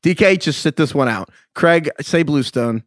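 A man's voice: animated, moderate pace, no room sound, clean studio sound. A man hosting a casual podcast chat, joking and laughing often. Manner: jokey, laughing, swings pitch widely. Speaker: podcast host.

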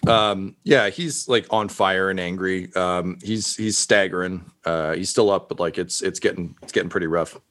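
A man's voice: deep voice, normal speed, hardly any pauses, a bit bright. A man narrating as game master of a tabletop game, casual and profane, laughing often with many fillers.

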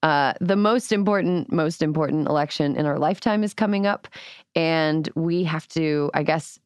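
Wry woman podcast host, lower voice. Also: moderate pace, clean tone, dry recording. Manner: wry, joking delivery. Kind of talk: casual podcast chat.

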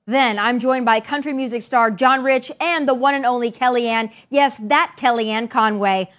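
A woman's voice: a little high, moderate pace, a bit bright. A woman hosting an opinion show, delivering sarcastic, emphatic commentary from a studio. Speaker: host.

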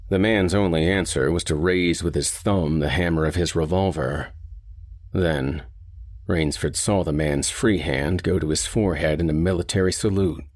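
A man narrates a short story in a steady, deliberate manner. His voice is very deep and noticeably husky. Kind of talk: audiobook reading of a short story.

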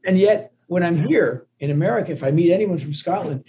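Over a phone line with a noisy background, a male musician guest chats in a friendly, casual interview, frequently starting his sentences over. He speaks briskly in a high-pitched voice.

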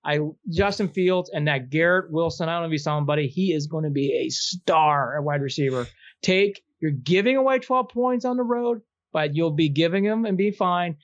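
Guy doing gambling picks, kinda high voice, teasing and fan-boyish, muffled lo-fi sound. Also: normal speed, dry recording. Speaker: betting picks segment host. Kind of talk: casual sports betting banter.

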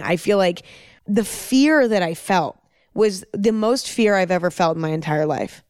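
A woman's voice: fairly low pitch, unhurried, clear, resonant tone, dry recording, studio quality. A young woman hosting a podcast, telling a personal story in a casual, emphatic way and repeating words for stress. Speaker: podcast host.

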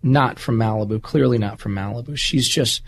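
A man's voice: medium pitch, moderate pace, breathy edge. A man interviewed as a guest, telling his life story in an earnest, rambling way and often repeating words. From United States. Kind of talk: candid conversational storytelling.

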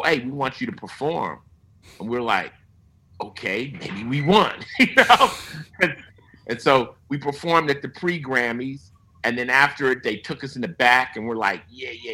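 Guy with a bright sharp voice, cussing a lot, telling stories and doing everyone's lines. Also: mid-range voice, low-quality recording. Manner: profane, animated storyteller quoting others. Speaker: guest musician. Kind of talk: casual interview chat.

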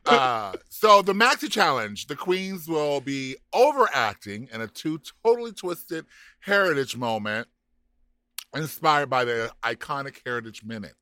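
Sassy, bright-voiced man co-hosting a podcast. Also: medium pitch, very animated, no room sound. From United States. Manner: sassy, campy banter with drawn-out words. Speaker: podcast co-host. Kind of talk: casual chat recapping a TV show.

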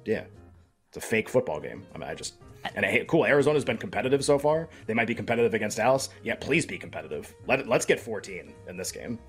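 A man co-hosting a sports betting podcast, with a husky, slightly raspy voice and a middling pitch. He rambles through his points in casual chat, turning emphatic when he is sure of a pick, with faint music behind him. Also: sing-song, quick pace. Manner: rambling, self-deprecating, emphatic.

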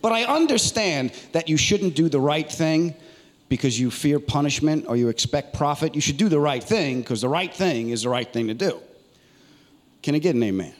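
A man performing a loud, animated stand-up comedy set on a theater stage, acting out voices. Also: a little high, moderate pace. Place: large theater stage with audience. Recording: live hall recording with loud crowd.

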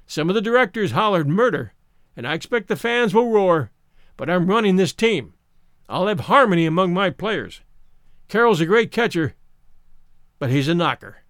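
A man's voice: high-pitched, expressive, moderate pace, pauses often, a bit bright, no echo, clean studio sound. Man doing a blunt shrewd old baseball manager. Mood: assertive. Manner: blunt, assertive. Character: brisk shrewd older male baseball manager.

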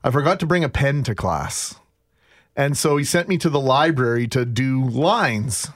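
A man's voice: medium pitch, animated, normal speed. A man hosting a morning radio show, telling stories in a joking way and reading out contact details. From Canada. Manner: jokey storyteller, reads out phone and email details. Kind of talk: casual morning radio chat.

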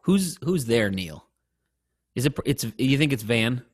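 A man co-hosting a podcast in casual chat, rambling and swearing, easily excited. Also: mid-range voice, a little slow, breathy edge, no echo, clean studio sound. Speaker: podcast co-host.

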